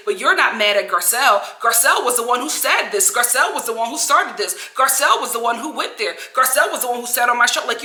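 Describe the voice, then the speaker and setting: Animated, sassy woman vlogger. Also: on the high side, reverberant. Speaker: vlogger, TV recap host. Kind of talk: casual reality-TV commentary.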